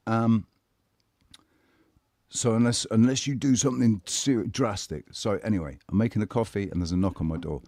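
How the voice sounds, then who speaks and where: A man's voice: lowish voice, no room sound, clean studio sound. A man telling a personal story in casual chat, blunt and candid, swearing and often restarting his sentences. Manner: halting, with frequent restarts.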